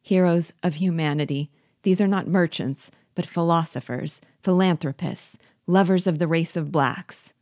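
A woman reading the part of a timid, terrified male prisoner who pleads and flatters in flowery words. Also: lowish voice, normal speed, no echo, studio quality, lightly acted. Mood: flattering.

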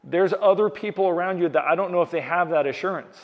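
A man's voice: sits high, quick pace, muffled recording. A man preaching a sermon as pastor, earnest, restarting and repeating key phrases for emphasis. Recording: long hall reverb.

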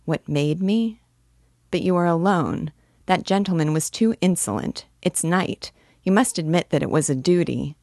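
Woman voicing a timid lonely young man, earnest and pleading, low voice, dry sound. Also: normal speed, darkish tone, no echo, close to an everyday voice. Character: shy lonely dreamy young man of twenty-six.

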